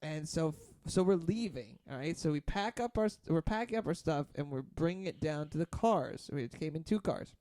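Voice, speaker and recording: A man's voice: on the high side, lively intonation, moderate pace, few pauses, mellow, dry recording. A man hosting a podcast, telling a long rambling story in casual chat, heavy on fillers and swearing, acting out what others said. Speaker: podcast host.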